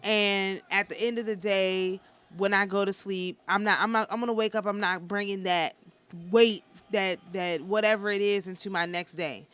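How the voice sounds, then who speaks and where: A woman giving a casual spiritual talk as a teacher, speaking in a calm, nonchalant, matter-of-fact way with a passionate undertone and frequent restarts. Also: medium pitch, normal speed, smooth. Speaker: spiritual teacher and tarot reader.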